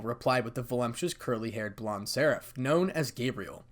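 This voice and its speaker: A man narrating a fan fiction story, reading quickly with small slips. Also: mid-range voice.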